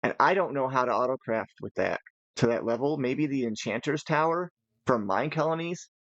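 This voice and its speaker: A man's voice: mid-range voice, lively intonation, moderate pace, a bit bright, no echo. Sleepy guy chatting thru his gameplay, dry dull sound, kinda lo-fi. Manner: chatty, rambling, thinks aloud. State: tired. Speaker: gaming channel host. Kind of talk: casual gameplay commentary.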